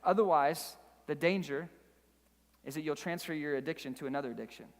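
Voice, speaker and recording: A man pastor preaching a sermon earnestly, with frequent restarts and repeated words, building to loud urging. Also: a little high, fairly quick. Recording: live church recording with long reverb.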